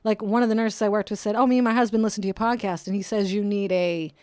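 A woman hosting her own podcast in a casual solo monologue, her voice swinging up and down with jokey asides and soft whispered moments. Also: medium pitch, steady tone, quick pace, no room sound, clean studio sound. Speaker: podcast host. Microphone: close podcast microphone.

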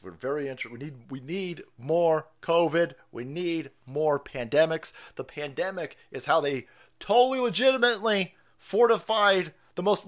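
A man streaming political commentary, loud and mocking, swinging from shouts to low mutters. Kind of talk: profane ranting livestream commentary.

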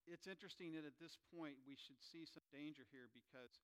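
A man preaching a sermon as pastor in a church, animated, asking the congregation questions and joking with them. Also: a little high, fairly quick, smooth.

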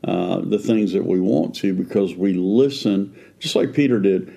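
A man's voice: deep voice, unhurried, creaky, dark tone. A man co-hosting a faith podcast, talking in an earnest, conversational way with frequent restarts. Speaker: pastor and podcast co-host.

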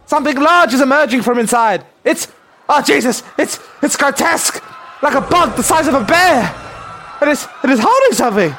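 A man's voice: very high-pitched, lively intonation, normal speed, sharp tone, a little hiss or hum, exaggerated voice. A man playing a terrified field reporter in a comic mock news broadcast, talking frantically. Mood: screaming. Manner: frantic, screaming in terror.

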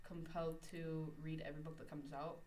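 A woman's voice: sits low, flat delivery, fairly quick, darkish tone. A young woman chatting casually as a podcast co-host, laughing often and filling with "like" and "um". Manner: laughing often, many fillers. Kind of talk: casual chat. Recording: a bit distant from the mic, faint noise.

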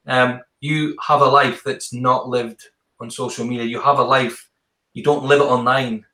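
A man's voice: medium pitch, level tone, normal speed, pushed and bright, echoey room, low-quality recording. A man hosting an interview, effusive and enthusiastic, often restarting his sentences. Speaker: podcast host. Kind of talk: casual interview chat.

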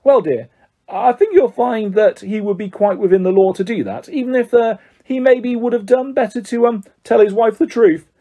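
A man's voice: high voice, normal speed, dark tone, voice pushed up. A man voicing a tired, mild middle-aged wizard father who mumbles and stammers when caught out. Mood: weary, flustered. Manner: tired, mumbling, then flustered.

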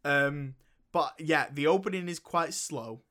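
Young male co-host, bright-toned, blunt slangy film reviewer. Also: fairly high pitch, unhurried. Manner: blunt, slangy, says "bro". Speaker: podcast co-host. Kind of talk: casual film review chat.

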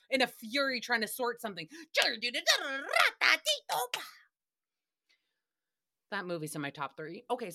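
A young woman hosting a podcast, recapping a show in a casual, joking way, swearing freely and slipping into quick silly voices. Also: on the high side, sharp tone. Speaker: podcast host.

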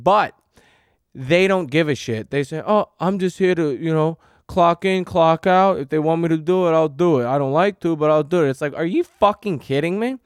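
A man's voice: fairly high pitch, no echo, clean studio sound. A man hosting a podcast, ranting in an agitated, profane monologue. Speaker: podcast host.

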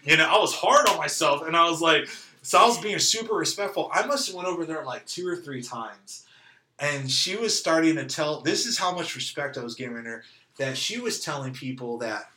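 A man's voice: on the high side, a little fast, echoey room. A man from California casually telling a personal story, laughing often and acting out what people said. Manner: animated, laughing, acts out quoted lines. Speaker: guest telling his story.

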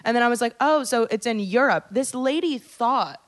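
A young woman co-hosting a podcast, chatting casually and telling an animated story, swearing freely and acting out what people said. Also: a little high, moderate pace. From North America. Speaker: podcast co-host. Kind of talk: casual chat.

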